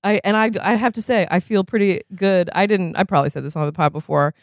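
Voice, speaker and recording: A woman's voice: medium pitch, fast talker, dry recording, studio quality. A young adult woman co-hosting a podcast in casual chat, laughing easily and restarting her sentences often. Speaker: podcast co-host.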